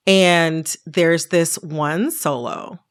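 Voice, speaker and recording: A woman co-hosting a podcast, telling personal stories in an animated, laughing way. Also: low voice, drawn-out words. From Detroit area. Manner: animated storyteller, laughs often. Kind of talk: casual storytelling chat.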